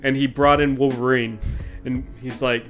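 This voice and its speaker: A man's voice: mid-range voice, flat delivery, moderate pace, soft background music. A man on a podcast, chatting casually and retelling comedy sketches with playful put-on voices. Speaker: podcast co-host. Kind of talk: casual chat.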